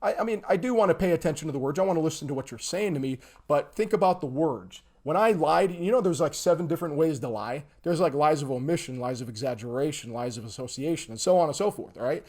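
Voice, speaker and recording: A man giving an emphatic livestream lesson, acting out little scenes as he goes. His voice sits somewhat high for a man. He keeps checking in with "okay?" and "all right?". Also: fast, hardly any pauses. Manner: animated, acts out examples. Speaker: instructor.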